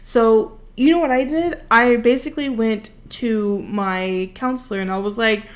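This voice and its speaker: A young woman in her twenties, a vlogger, talks a little slowly in a fairly high voice. Close to her desk microphone, she builds while rambling through a long story that pokes fun at herself.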